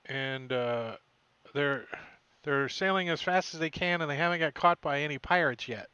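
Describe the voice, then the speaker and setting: A man running a tabletop game as game master, narrating in a relaxed, joking way with many fillers. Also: a little high, moderate pace, smooth, no room sound, dull audio.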